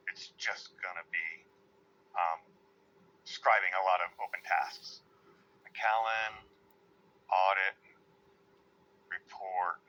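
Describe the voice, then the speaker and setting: A man's voice: low voice, bright, forceful tone, husky, muffled recording. A man leading a casual work call, rambling and muttering to himself as he works. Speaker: meeting lead.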